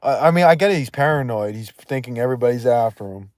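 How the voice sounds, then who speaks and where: Man, livestream host, casual chat, swears a lot, rambles, laughs, dry close sound, mid-pitched. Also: expressive, fast talker, a little mellow, no echo. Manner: profane, rambling, laughs often, trails off.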